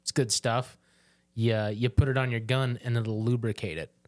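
A man's voice: medium pitch, steady tone, normal speed, a little mellow. A man hosting a podcast in casual chat, rambling and joking with many restarts. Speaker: podcast host.

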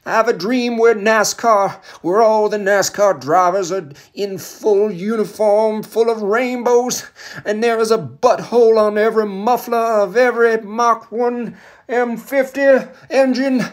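Man doing a shrill mock preacher. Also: fairly even intonation, unhurried. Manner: swooping sing-song oratory, mocking. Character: shrill mocking parody of a male preaching orator.

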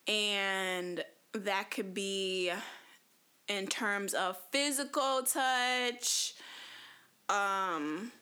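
A woman's voice: mid-range voice, pushed and bright, clean tone. A woman talking frankly to camera in a casual personal monologue, chatty and full of fillers. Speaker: vlogger.

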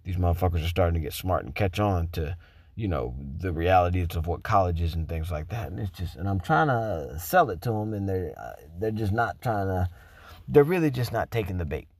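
A man who works as a teacher, telling a story casually, with profanity and animated quoted voices. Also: low voice, brisk, husky, no echo.

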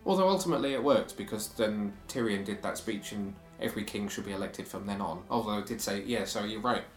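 A man talks through his opinions in a relaxed, chatty co-host manner. His voice carries a noticeable room echo. Soft music sits faintly underneath. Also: on the low side, brisk. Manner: chatty, opinionated, reads quotes aloud. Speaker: podcast co-host. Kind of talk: casual TV review chat.

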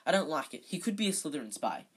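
An amateur reader voicing a stern, intense teenage boy team captain who barks orders with loud outbursts. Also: mid-range voice, sing-song, quick pace, husky. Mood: indignant.

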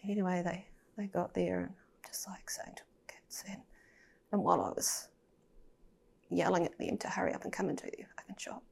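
Woman guest, gravelly low voice, candid and emotional, trails off to near-whispers. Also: fairly even intonation, brisk, a little mellow. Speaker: podcast guest. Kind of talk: personal storytelling in a podcast interview.

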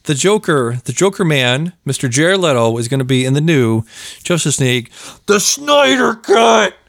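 Excitable podcast host man, dry close sound. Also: mid-range voice, moderate pace, no room sound. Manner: excitable, laughs often, rambling with fillers. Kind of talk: casual podcast chat.

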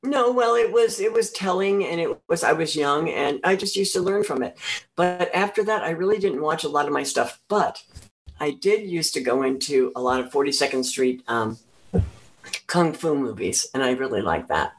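A woman in her sixties from New Jersey, a guest recalling her career in a rambling, halting way. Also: sits low, animated, poor audio. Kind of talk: casual interview, reminiscing.

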